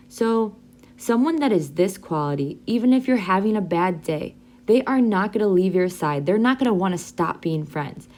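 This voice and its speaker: A young adult woman teaching an English vocabulary lesson to learners, modeling phrases slowly and clearly for them to repeat. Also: medium pitch, darkish tone.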